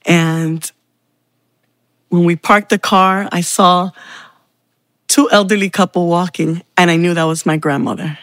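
A woman sharing a heartfelt personal faith testimony, telling her story slowly with pauses. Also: on the low side, steady tone, fairly bright tone, no room sound.

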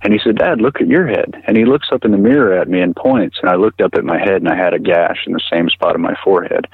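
A middle-aged man recounting a personal experience as an interview guest, halting and earnest, often repeating words as he talks. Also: low-pitched, steady tone, creaky, slightly rough, no echo, narrow, tinny audio. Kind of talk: personal account in conversation.

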